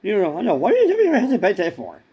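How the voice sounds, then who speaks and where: A man's voice: high voice, wildly swooping pitch, racing, warm tone. A man in a rambling comic monologue who stammers and keeps repeating words.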